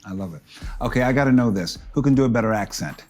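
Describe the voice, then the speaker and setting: Lively, effusive male talk show host. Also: mid-range voice, soft background music. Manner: effusive, playful, quick to laugh. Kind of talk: casual interview chat.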